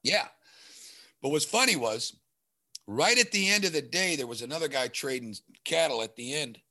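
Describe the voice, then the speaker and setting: A man's voice: fairly high pitch, moderate pace. A man telling a story in casual chat, acting out the lines of the people in it. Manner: animated storytelling, acting out quoted dialogue.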